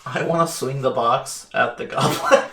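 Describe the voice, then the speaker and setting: A man's voice: mid-range voice, normal speed, sharp tone. A man playing a tabletop game with friends who laughs often and jokes about his moves. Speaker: player. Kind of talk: casual play at a game table. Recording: echoey room with noise.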